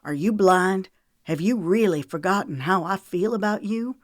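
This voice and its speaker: A woman's voice: mid-range voice, moderate pace, no room sound, clean studio sound, natural voice. A woman voicing a protective young man who speaks firmly and demandingly, in an audiobook reading. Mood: determined. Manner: demanding, firm.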